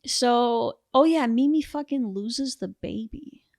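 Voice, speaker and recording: A young woman with a slightly high voice retells a film's plot in an animated, casual way on the podcast she co-hosts, quoting characters in rapid voices. The studio-quality sound has no echo.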